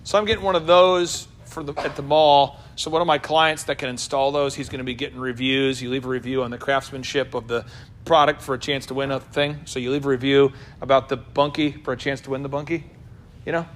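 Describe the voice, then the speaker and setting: A man hosting a business talk show, joking and firing quick questions at the people in the room. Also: medium pitch, a little hiss or hum. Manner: animated, jokey, quick asides to the room. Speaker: business coach and show host. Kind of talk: lively talk to a live room.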